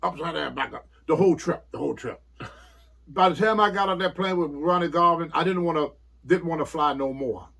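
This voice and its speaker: A man's voice: fairly high pitch, moderate pace, creaky, bright, forceful tone. An older man and former wrestler telling rambling, laughing stories in an interview. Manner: rambling storyteller who laughs often and acts out quotes. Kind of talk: casual anecdote telling.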